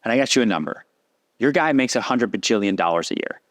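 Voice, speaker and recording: A man, a podcast guest telling a long story in a lively casual way and acting out what others said. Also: on the low side, quick pace. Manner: animated, acts out quoted voices.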